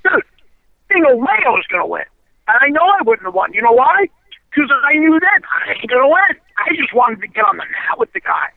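A man with a high, rough, gravelly voice talks bluntly through an interview, swearing freely and checking in with "you know" and "okay?". The sound is thin and phone-like, with no room around it. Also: sing-song, brisk, no echo. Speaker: interview guest. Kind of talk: candid storytelling interview. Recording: tinny phone line, dry.

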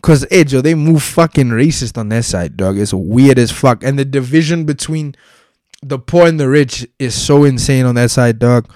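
A man's voice: mid-range voice, moderate pace, a little mellow, dry recording, clean studio sound. A young South African man giving casual solo commentary, profane and heated, heavy with slang.

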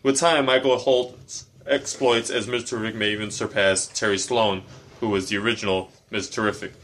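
A man co-hosting a podcast, telling stories with animated, profane rants among friends. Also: fairly low pitch, brisk, a little hiss or hum. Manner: ranting, animated storytelling. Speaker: podcast co-host. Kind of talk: casual profane banter.

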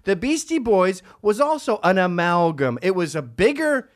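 A man's voice: sits high, big pitch swings, moderate pace. A man hosting a heated casual debate, provocative and sarcastic. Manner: provocative, sarcastic, does mocking voices.

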